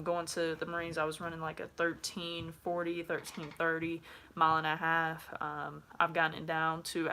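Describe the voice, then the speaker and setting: A young woman chats to camera in a loose, frank way, with plenty of ums along the way. Her voice sits low in pitch, yet it sounds bright and punchy. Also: a little hiss or hum. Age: 20s. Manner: chatty, frank, many fillers. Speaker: vlogger. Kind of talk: casual talk to camera.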